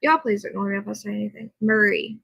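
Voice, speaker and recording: A tired woman hosts a casual at-home livestream, reading aloud and chatting in reply to viewer comments. Her medium-pitched voice is creaky and husky, and she talks very fast. The recording is dry, with the highs cut off.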